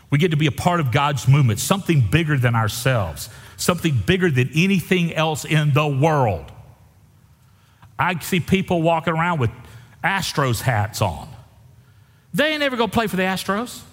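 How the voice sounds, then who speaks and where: A man preaching a sermon as pastor, in a folksy, emphatic style with lots of repetition. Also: a little high. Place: church sanctuary. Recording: long reverb of a church hall.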